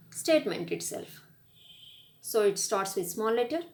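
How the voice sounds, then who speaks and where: A woman's voice: a little high, expressive, normal speed, a little mellow, slight background noise. Give me a woman teaching grammar in an echoey room. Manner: patient, explanatory, demonstrates rising and falling intonation. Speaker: English lecturer. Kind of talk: recorded grammar lesson.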